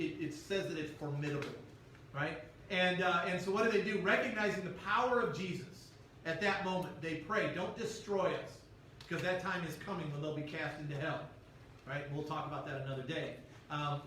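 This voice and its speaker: A man's voice: high voice, pushed and bright, slight background noise. A man leading a church Bible class in a casual, conversational way, often checking in with "right?". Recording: echoey room, mic far off.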